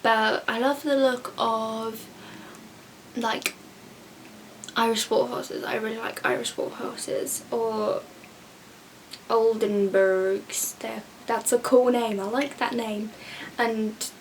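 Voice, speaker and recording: A teenage girl from England chats and rants through viewer questions, slipping into exaggerated impressions of other people. Her voice sits a little high, and she is picked up from a bit away from the mic with a faint hiss behind her. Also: steady tone, slow pace, long pauses, distant mic. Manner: chatty, ranting, exaggerated mimicry of others. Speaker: vlogger answering viewer questions. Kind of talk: casual chat.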